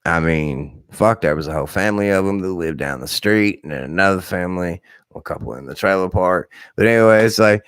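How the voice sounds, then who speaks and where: A man in his thirties with a very deep voice, slightly hoarse, tells loose stories to his live stream viewers. He talks bluntly and profanely, with lots of animation. The sound is close and dry, with no room around it. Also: a little fast, fairly bright tone, no room sound. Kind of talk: rambling casual storytelling.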